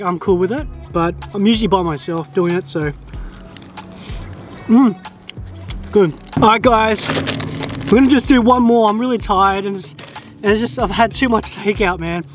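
Chatty high-voiced Australian man. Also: faint music behind. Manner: chatty, easygoing, drawn-out mm sounds while tasting. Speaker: food vlogger. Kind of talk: casual chat to camera. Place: quiet open field outdoors.

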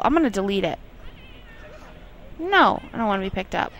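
A woman's voice: mid-range voice, big pitch swings, moderate pace, pauses often, fairly bright tone, low-quality recording. A young woman casually commenting on her life-sim game, chatting to herself and scolding her characters in exasperated asides. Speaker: gameplay commentator. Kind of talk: casual let's play commentary.

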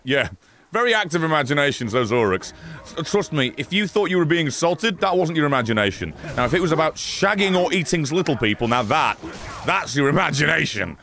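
A man's voice: a little high, very animated, a little fast, fairly bright tone. A man giving sarcastic, mocking live commentary as a streamer playing a video game.

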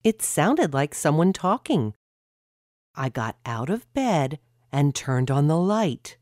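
A woman reads a children's story aloud. Her low voice rises and falls widely at an unhurried pace. The recording is close and dry. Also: dry recording. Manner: expressive, clear storybook reading. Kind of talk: scripted children's story narration.

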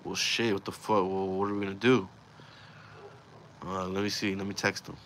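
A young man with a fairly low voice, talking loosely and profanely as he recounts a story from his own life. His delivery is casual and slangy, with plenty of restarts. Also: level tone, moderate pace, a bit bright, a little hiss or hum. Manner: slangy, profane, rambling retelling. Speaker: vlogger telling a personal story.

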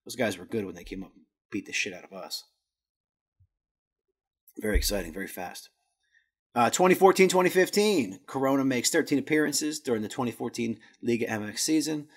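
A man's voice: mid-range voice, animated, fairly quick, pauses often, slightly rough. A man hosting a podcast, casually reading through notes with jokey asides and stumbling over Spanish words. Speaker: podcast host.

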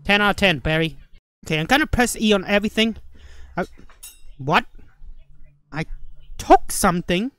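A gamer commenting on a horror game in broken, second-language English, swearing and shouting at the screen. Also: medium pitch, animated, moderate pace, pauses often, clear, resonant tone, dry recording. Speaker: let's play gamer.

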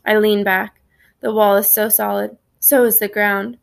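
A woman's voice: medium pitch, little pitch movement, a little slow, creaky. A woman narrating a children's story in the first person, reading expressively. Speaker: audiobook narrator.

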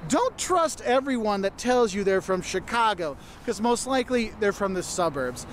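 A man's voice: high-pitched, sing-song, moderate pace, a little hiss or hum. A man presenting a travel guide video, chatty and explanatory, often checking in with "okay?". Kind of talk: scripted travel guide talk.

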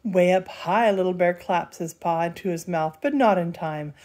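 An older woman, a grandmother, reading a bedtime storybook aloud in a lively, playful way. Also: on the low side, measured pace, few pauses. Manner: lively, playful, does character voices.

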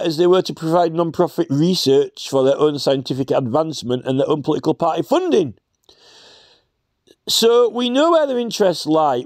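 A man's voice: fairly high pitch, a little mellow, no room sound, clean studio sound. A man delivering a rambling, sarcastic rant full of fillers. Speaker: commentator. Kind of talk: satirical rant.

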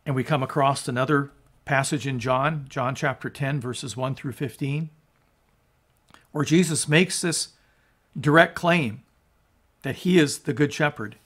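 A man preaching as a pastor, reading scripture aloud and explaining it in an earnest sermon, often restarting words and dropping low at the ends of phrases. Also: a little slow, long pauses, a bit bright. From United States. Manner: earnest, rises in emphasis on quotes, drops low at phrase ends.

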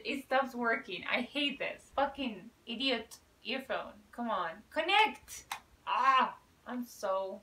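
A woman giving excitable, swearing reaction commentary, ranting in exasperation. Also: fairly high pitch, takes it slowly, far from the mic. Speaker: reaction video creator. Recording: roomy sound from off the mic, faint ambience.

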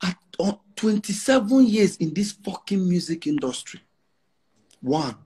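A man's voice: sits high, very animated, measured pace, mellow, breathy edge. A Nigerian man in his forties, a musician giving an interview, talking in an emphatic, boastful way in Nigerian English mixed with Pidgin, often repeating himself.

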